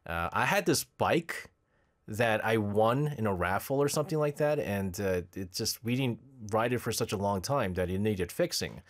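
Male radio host, casual chat, animated, swooping pitch, jokey. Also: moderate pace. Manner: animated, jokey, laughs often. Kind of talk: casual radio chat reading listener messages.

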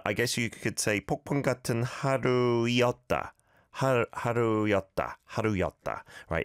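A man with a very low voice hosting a radio show, walking listeners through pronunciation with patient, gently corrective explanations. The studio sound is close and dry, with no room echo. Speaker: radio host.

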